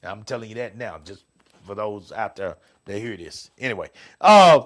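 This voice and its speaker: A middle-aged man co-hosting a casual show, swearing freely and swinging between loud outbursts and quiet asides. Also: lowish voice, big pitch swings, moderate pace. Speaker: podcast co-host. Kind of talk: casual chat with listeners.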